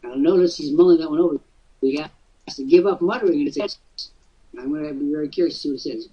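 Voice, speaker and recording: A man's voice: fairly high pitch, fast, slightly rough, distant mic, lo-fi sound. A male host giving casual coaching talk, jokey and teasing, slipping into mock voices.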